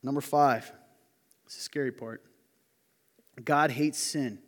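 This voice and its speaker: A man with a Southern US accent preaching a sermon as pastor, animated and joking, swinging between loud emphasis and hushed asides. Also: mid-range voice, takes it slowly. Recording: reverberant hall.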